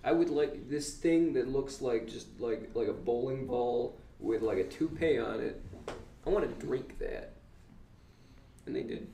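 A man co-hosting a casual comedy podcast, tossing out deadpan asides. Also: medium pitch, moderate pace, gravelly, hardly any pauses. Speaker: podcast co-host. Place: public library room. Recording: echoey room, faint noise.

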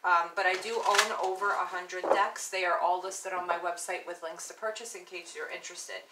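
A woman's voice: fairly low pitch, steady tone, normal speed. A woman reading tarot to camera in a casual, chatty way, with many fillers, and murmuring repeated invocations. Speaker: tarot reader. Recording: echoey room with loud background noise.

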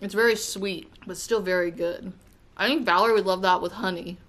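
An American woman vlogging at home, chatting casually while unboxing and taste-testing treats, with gushing, excitable exclamations. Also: mid-range voice, a little fast. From United States.

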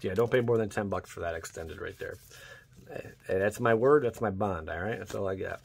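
A young man hosting his channel, chatting casually as he opens card packs and bursting into loud cheers over good pulls. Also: lowish voice, moderate pace, vocal fry, breathy edge. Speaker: YouTube channel host. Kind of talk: casual card-pack opening commentary.

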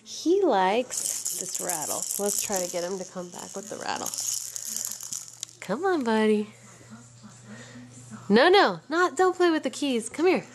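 A young mother filming her baby at home, coaxing him along in high sing-song baby talk. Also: lively intonation, measured pace, long pauses, slight background noise.

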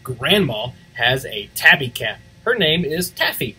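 Animated man reading a storybook aloud. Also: medium pitch, unhurried, breathy edge, faint music behind, rough recording. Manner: expressive, animated, switches between English and Spanish. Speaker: school announcer reading a picture book.

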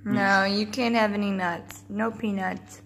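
A woman's voice: mid-range voice, fairly even intonation, unhurried, a bit bright, roomy sound, slight background noise. A young woman chatting casually at home for a family vlog, laughing often and coaxing her toddler in a sing-song voice. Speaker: family vlogger and mother.

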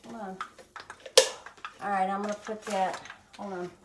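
A woman's voice: mid-range voice, fairly even intonation, measured pace, far from the mic. A woman hosting a casual cooking livestream from her home kitchen, chatting straight to her viewers as she cooks. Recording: noisy home recording with clicks.

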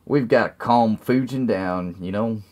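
A man voicing a brash, loudmouthed young male soldier in a swaggering put-on voice while reading game dialogue aloud. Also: on the low side, a little slow, close to an everyday voice. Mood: cocky.

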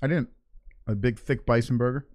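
A man's voice: mid-range voice, steady tone, fairly quick, a little mellow. A man co-hosting a stream, chatting casually, rambling and unsure of himself, swearing freely. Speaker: stream co-host. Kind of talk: casual chat.

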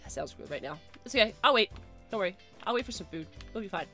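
A woman's voice: mid-range voice, animated, fast, pushed and bright, faint music behind. A woman streaming a game live, chattering and reacting, often repeating phrases in a rush and shrieking when things go wrong. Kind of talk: live gameplay commentary.

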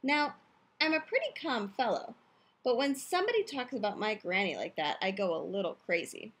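A woman's voice: medium pitch, lively intonation, normal speed, fairly bright tone, breathy edge. A woman playfully reading a picture book aloud, telling the story in first person as the wolf, in a youth room.

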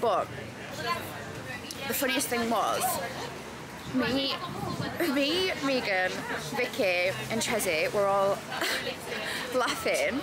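A woman's voice: fairly high pitch, expressive, drawn-out words, long pauses, over a noisy crowd. A woman in her thirties from England, chatting casually to her phone camera in a vlog and laughing often as she talks. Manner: chatty, bubbly, laughs a lot mid-sentence. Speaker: vlogger. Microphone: handheld phone camera at arm's length.

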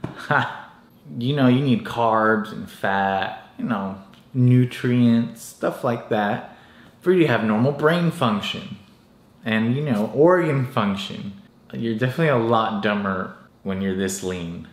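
A young man vlogging about fitness, deadpan and self-mocking with casual swearing, sounding drained and lightheaded from dieting. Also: mid-range voice, slow pace. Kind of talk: casual vlog talk. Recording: echoey room.

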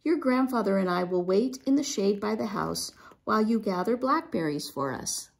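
A woman reading aloud as a cheerful, gracious mother, with a husky, gravelly voice. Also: mid-range voice, expressive, moderate pace.

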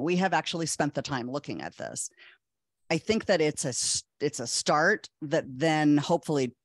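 A woman speaking as a panel guest, earnest and animated, telling a story with quick restarts. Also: deep voice, no room sound, studio quality. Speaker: clinical psychologist speaker. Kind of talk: conversational panel talk.

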